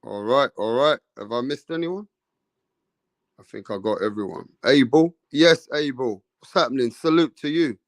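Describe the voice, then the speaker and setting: A man's voice: mid-range voice, normal speed, no room sound. A man hosting a casual boxing livestream, greeting viewers in the chat by name in slangy talk.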